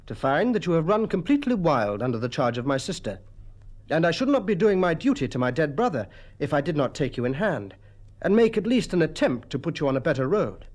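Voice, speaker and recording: A man voicing a stern, quick-tempered army colonel who speaks mildly but with authority to his nephew in a storybook reading. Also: a little high, very animated. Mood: earnest. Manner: mild, then commanding.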